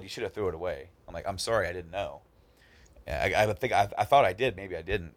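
A man's voice: low-pitched, a little fast, no room sound. A man telling a story in casual chat with friends, acting out the other people in it and often repeating himself. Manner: animated, acts out the other people in his story; repeats words and restarts a lot.

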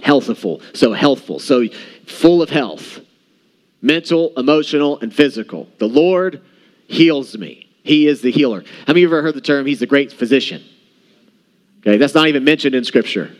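A man's voice: mid-range voice, normal speed. A man preaching a sermon in a church, talking conversationally and often checking in with the congregation. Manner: conversational, asks the room questions. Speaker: pastor.

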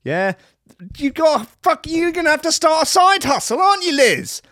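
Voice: high voice, normal speed, no echo, studio quality. A speaker with a British accent delivering a crude, mocking comedic rant full of swearing. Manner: sweary, mocking, animated, with voices and outbursts. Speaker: comedic ranter.

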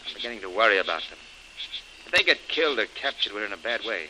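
A resolute adventurer on the run in a vintage radio serial. He speaks quickly with a lowish, very bright and ringing voice, brisk and determined. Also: big pitch swings, a little hiss or hum, heavily acted, rough recording. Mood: urgent. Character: resolute male adventurer in danger. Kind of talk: 1940s radio acting.

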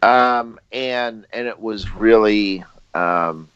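A man with a very low voice talks haltingly, restarting his sentences often. The recording is dry and dull, with no room sound. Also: a bit bright, smooth, no room sound. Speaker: podcast co-host. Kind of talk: casual chat.

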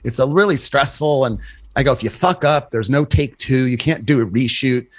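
A man's voice: mid-range voice, moderate pace, no room sound. A man in his sixties, a guest photographer in a casual podcast chat, telling profane stories, acting out dialogue and laughing at his own punchlines. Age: 60s. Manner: animated storyteller, profane, acts out dialogue.

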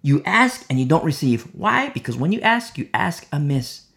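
A man preaching an expository Bible sermon in a fairly high voice. He repeats his key phrases and swings from loud, fervent peaks down to hushed, low asides. He has the urgent delivery of a preacher pressing his point. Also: big pitch swings, normal speed, gravelly.

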